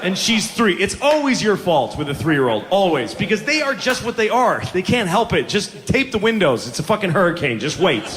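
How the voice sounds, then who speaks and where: A man in his forties doing stand-up comedy, with animated, profane storytelling full of exasperated self-mockery. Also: high-pitched, normal speed, few pauses. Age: 40s. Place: stage before a laughing audience. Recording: noisy live recording with audience laughter.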